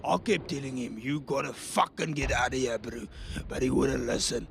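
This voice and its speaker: A man's voice: mid-range voice, moderate pace, creaky, slight background noise, close to an everyday voice. A man with a South African accent playing a crude, swearing, laid-back mercenary soldier. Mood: boastful.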